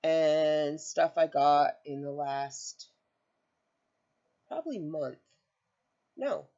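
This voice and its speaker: This woman runs a crochet channel and chats casually from home, wandering through stories, revising herself, sometimes near tears. Her voice is low and dark, very slow, on lo-fi sound.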